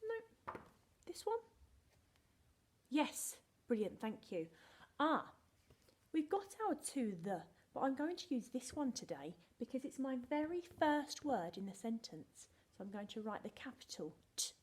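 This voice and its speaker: A woman with a fairly high voice leads a recorded phonics lesson for small children. She takes her time, stretching and sounding out each word letter by letter in a playful, sing-song manner, as if she needs the children's help to get it right. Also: very animated, measured pace, darkish tone. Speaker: primary school teacher.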